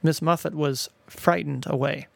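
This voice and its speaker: An earnest, literal three-year-old boy who points out every mistake with serious certainty, as his father puts him on. The voice sits raised and a little gravelly, stalling and repeating itself mid-thought. It is recorded close and dry. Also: on the high side, steady tone, dry recording. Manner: earnest, literal, halting self-corrections. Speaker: narrator voicing his son.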